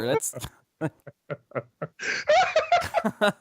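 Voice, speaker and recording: A man's voice: mid-range voice, very animated, normal speed, very noisy. A man co-hosting a podcast in casual chat, sighing, swearing and saying "like" a lot. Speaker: podcast co-host.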